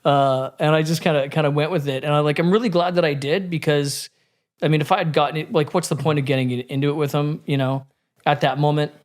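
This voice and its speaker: A man's voice: on the high side, steady tone, quick pace. A man in casual podcast conversation, telling a candid story with frequent swearing and many restarts.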